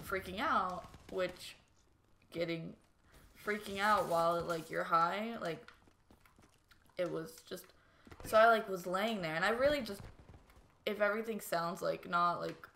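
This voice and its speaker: A young woman vlogger telling a personal story in a rambling, casual way, full of "like" fillers and swearing. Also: medium pitch. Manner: rambling, filler-heavy, profane, animated retelling. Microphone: new desk microphone. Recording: faint background noise and clicks.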